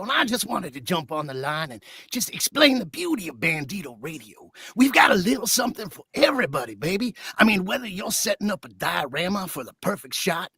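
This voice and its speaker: A man voicing a smooth-talking, showy late-night radio DJ with a silky voice and theatrical alliterative patter. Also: high voice, pushed and bright, no echo, studio quality, heavily acted. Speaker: radio DJ character.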